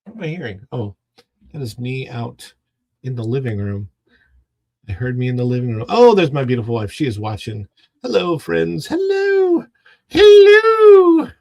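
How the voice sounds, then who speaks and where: A man's voice: mid-range voice, animated, a little fast, warm tone, breathy edge, no room sound. A man hosting a casual home livestream who rambles and greets chat viewers one by one. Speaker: livestream host.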